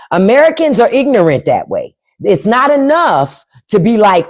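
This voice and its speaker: A woman's voice: mid-range voice, huge pitch swings, measured pace, few pauses, a little mellow, husky. A woman hosting a livestream from home, giving blunt, profane opinions and answering her chat. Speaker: podcast host on a livestream. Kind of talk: unfiltered political livestream rant.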